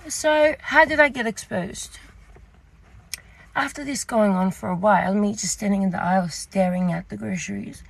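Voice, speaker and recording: Chatty young Australian woman, gravelly edge. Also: medium pitch, moderate pace, dry recording. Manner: chatty, rambling, full of fillers. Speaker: vlogger. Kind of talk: storytime rant.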